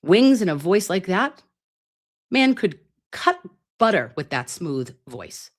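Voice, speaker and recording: A woman in her late thirties hosts a casual live stream with a low voice. She talks in a rambling, playful way and swears freely. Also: sing-song, slow pace. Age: 30s. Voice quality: self-described grating voice. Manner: chatty, rambling, playful and crude. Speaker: livestream host. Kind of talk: casual livestream chat. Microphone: computer mic on a live stream.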